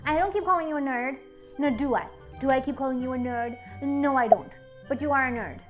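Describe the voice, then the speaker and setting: A woman's voice: high-pitched, brisk, faint music behind, close to an everyday voice. A woman playing a sulky, angry schoolgirl with two ponytails in a coaching skit, whining and repeating her questions. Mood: angry sulking. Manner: whiny, repeats herself, childish nagging questions.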